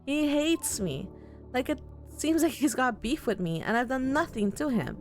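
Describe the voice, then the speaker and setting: A woman's voice: high voice, very animated, normal speed, faint music behind. A woman voicing an earnest, worried young man in a visual novel. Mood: upset. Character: earnest, anxious young man in his twenties.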